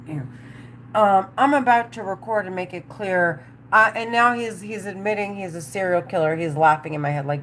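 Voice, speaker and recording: Woman, livestream monologue, angry and profane, rambling delivery, mid-pitched voice. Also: normal speed, a bit bright, a little hiss or hum. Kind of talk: agitated monologue to camera.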